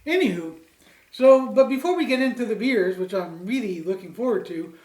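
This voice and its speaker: A man's voice: sits high, animated, moderate pace, darkish tone, far from the mic. Rambling joking man in an echoey room. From Canada. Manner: rambling, jokey, says "anywho" often. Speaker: co-host. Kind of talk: casual beer-tasting chat.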